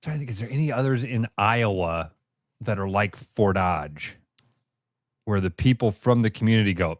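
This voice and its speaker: A relaxed man co-hosting a radio show, chatting casually. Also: lowish voice, moderate pace, no echo, studio quality.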